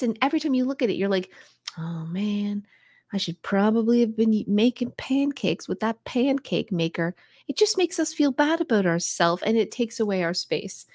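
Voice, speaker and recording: A woman's voice: mid-range voice, dry recording, studio quality. Chatty woman hosting a live stream. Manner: chatty, playful, frank. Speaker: decluttering livestream host. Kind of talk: casual livestream chat reading comments.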